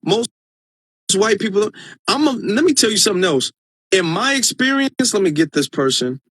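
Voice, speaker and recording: A man's voice: high-pitched, very animated, normal speed, fairly bright tone, slightly rough, no echo. A man hosting a casual live stream, talking earnestly and emphatically to his viewers, often restarting his sentences as he thinks aloud. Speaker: live-stream host reading viewer comments.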